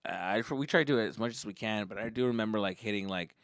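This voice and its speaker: A young man telling a comic story as a podcast host, profane and animated, jumping into voices. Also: fairly low pitch, fast, no room sound, studio quality.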